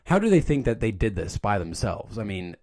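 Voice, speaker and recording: A man's voice: lowish voice, big pitch swings, brisk, darkish tone. A young man giving a casual, joking movie recap, rambling and stumbling over his words. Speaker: video creator recapping a movie.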